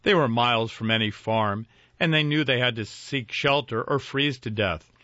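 A man's voice: medium pitch, bright, forceful tone, no room sound. Man reading a ghost story. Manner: measured, dramatic reading. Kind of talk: scripted ghost-story narration. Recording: dry, dull lo-fi with faint music.

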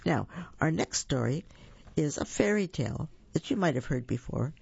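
A man's voice: fairly high pitch, lively intonation, moderate pace, creaky, a little mellow, husky. A man reading storybooks aloud for children in a friendly way, correcting his slips aloud. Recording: dull lo-fi recording.

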